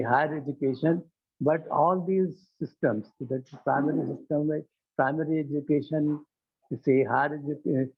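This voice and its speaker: A man giving a formal conference speech, halting and self-correcting, often saying "you see". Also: fairly high pitch, breathy edge. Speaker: conference speaker. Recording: tinny phone-like sound.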